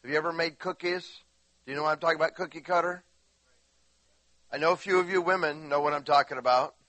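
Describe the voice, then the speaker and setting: Male preacher, conversational, keeps quizzing the room, slightly high bright tone. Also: fairly even intonation, quick pace, dry recording. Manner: folksy, rambling, asks the congregation questions. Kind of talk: conversational sermon. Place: church sanctuary.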